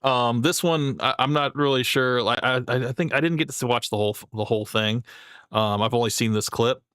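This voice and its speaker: A man's voice: medium pitch, brisk, fairly bright tone, smooth, dry recording, studio quality. A young man casually commenting on a clip he is watching, rambling and laughing often. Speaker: streamer reacting to clips.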